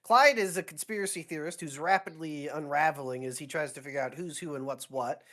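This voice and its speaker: In a tabletop role-play, a player with a sore throat voices an earnest young male pilot lieutenant, giving polite, clipped military answers in a dutiful mood. The voice is mid-range, a little fast and a bit bright, close to how he normally talks.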